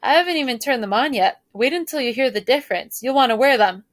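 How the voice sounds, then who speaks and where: A woman's voice: high-pitched, expressive, quick pace, dry recording. A woman reading aloud, voicing a friendly, joking male ear doctor who reassures a young patient.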